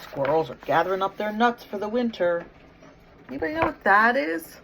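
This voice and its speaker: Very animated and brisk, a middle-aged woman teacher reads a picture book aloud to young kids, asking questions to coax them and praising their answers. Her mid-range voice is fairly bright with vocal fry, and there's a little hiss or hum.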